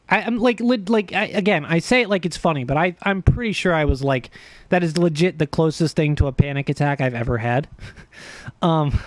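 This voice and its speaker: A man with a fairly high voice spins a long, profane story for his stream. He is animated and self-mocking. The sound is dry and close, with no room ring. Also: moderate pace, dry recording. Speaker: livestreamer. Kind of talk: casual storytelling stream chat.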